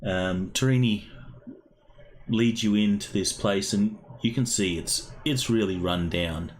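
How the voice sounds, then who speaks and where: A man with a very deep voice narrating a tabletop game as game master. He talks slowly and haltingly, pausing often, with faint noise in the background. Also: rough recording. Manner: halting, many fillers and pauses.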